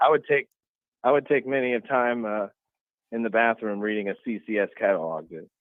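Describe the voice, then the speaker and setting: A man's voice: lowish voice, brisk, no room sound. Man on a tinny call line. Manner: easygoing, hedging with "I don't know". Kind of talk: casual chat.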